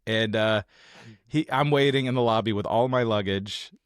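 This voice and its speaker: A man from the United States co-hosting a podcast, telling a travel story in animated, casual chat and acting out what people said. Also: on the low side, moderate pace, smooth, dry recording, studio quality. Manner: animated storytelling, acts out quotes. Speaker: podcast co-host.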